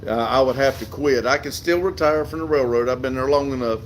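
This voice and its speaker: A man's voice: medium pitch, brisk, slight background noise. A middle-aged man with a Southern US accent hosts a casual livestream outdoors, reading viewer comments aloud and laughing often. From southern United States. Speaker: livestream host reading chat. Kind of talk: casual live chat.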